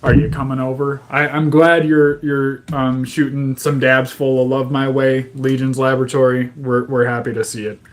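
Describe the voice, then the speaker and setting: A man's voice: mid-range voice, little pitch movement, normal speed, few pauses. A man streaming live, reading to his chat and breaking into profane, exasperated rants that stay angry but joking.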